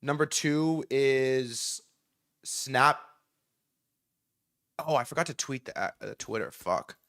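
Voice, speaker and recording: A man hosting a casual livestream from outdoors, excitable and profane, rambling with many restarts. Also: mid-range voice, takes it slowly. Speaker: livestream host. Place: outdoors in New York City.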